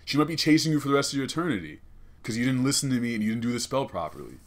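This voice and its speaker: A young man hosting a comedy podcast, rambling and cursing in an excitable way from a small studio. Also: mid-range voice, racing. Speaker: podcast host. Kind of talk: casual comedic podcast rant.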